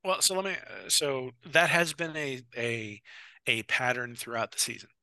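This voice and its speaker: A man co-hosting a football podcast in casual chat, long-winded and animated, often repeating words as he restarts. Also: medium pitch, moderate pace, clean tone, dry recording. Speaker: co-host of a college football podcast. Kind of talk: casual sports talk.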